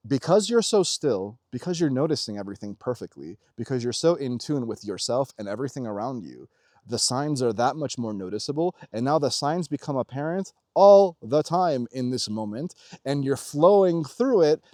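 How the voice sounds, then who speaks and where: A man delivering a casual motivational monologue about spirituality, intense and full of swearing, swinging between loud urging and low murmurs. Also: dry recording, clean studio sound. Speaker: spiritual vlogger.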